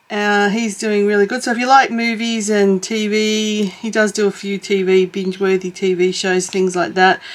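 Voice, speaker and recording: Slow-talking middle-aged Australian woman. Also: mid-range voice. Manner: rambling, self-correcting, chuckles as she talks. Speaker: YouTube crafter and vlogger. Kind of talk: casual chat while crafting. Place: home, in a suburb.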